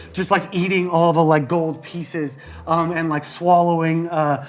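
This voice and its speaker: A man's voice: fairly high pitch, level tone, slow pace, noisy background. A man narrating a tabletop game as game master, in a loose, rambling way full of fillers.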